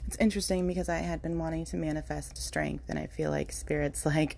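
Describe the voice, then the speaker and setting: A woman's voice: low voice, fairly even intonation, a little fast, creaky, hardly any pauses, a little mellow, slight background noise. A middle-aged woman hosting a podcast, talking through her thoughts unscripted in an earnest, musing way, now and then slipping into playful quoted voices. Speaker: podcast host. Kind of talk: unscripted reflective monologue.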